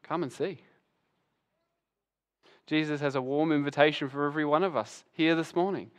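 A man preaching a sermon as pastor, animated and acting out the voices of Bible figures. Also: on the high side, moderate pace, smooth.

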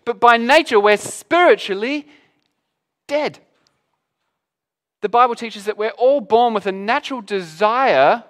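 A man preaching a sermon, animated and conversational, acting out both sides of a Bible passage in quick voices. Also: high voice. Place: church hall with an audience.

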